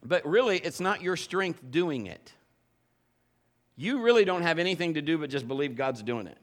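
A middle-aged man preaching a sermon in a church, telling stories and acting out the quotes in lively voices. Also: fairly high pitch, normal speed. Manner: animated storytelling with acted-out quotes. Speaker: pastor.

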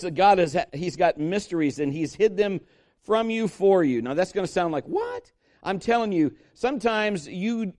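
A man's voice: on the high side, mellow. A man preaching a sermon, emphatic, calling on the congregation to respond. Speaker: pastor.

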